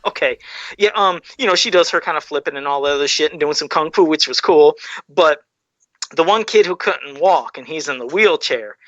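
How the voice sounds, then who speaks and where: Man, excited podcast chat, bright forceful voice, dry dull sound. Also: on the high side, moderate pace, no room sound. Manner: animated, swearing, acts out movie lines. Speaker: podcast co-host. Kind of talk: casual movie chat.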